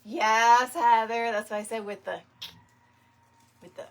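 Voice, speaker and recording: A woman's voice: on the high side, steady tone, a little slow. A woman, chatting casually and laughing often as she makes a wreath live and greets viewers by name. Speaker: wreath-making live stream host. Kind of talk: casual chat while crafting on a live stream.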